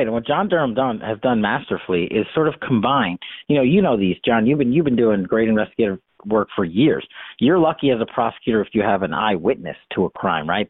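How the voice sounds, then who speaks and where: A man's voice: mid-range voice, husky, no echo. Man, interview guest on a dry, phone-like line; emphatic, argumentative delivery. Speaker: guest, former congressional investigator. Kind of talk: political commentary interview.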